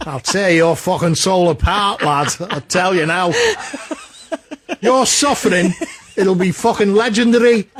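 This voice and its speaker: A man's voice: sits high, a little slow, a bit bright. A man doing a Liverpool-accented demon villain. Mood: gleeful menace. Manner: gleeful, threatening, laughing through lines.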